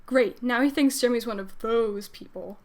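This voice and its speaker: A woman's voice: on the high side, normal speed, a little mellow. A woman streamer reading fanfiction aloud in a casual way, giggling and breaking off for chatty asides.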